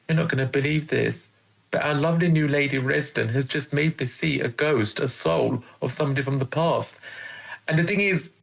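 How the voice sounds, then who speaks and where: A man's voice: mid-range voice, creaky, fairly bright tone, low-quality recording. A man dramatically telling his own ghost story, sent in as a recording. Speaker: caller sharing a ghost story.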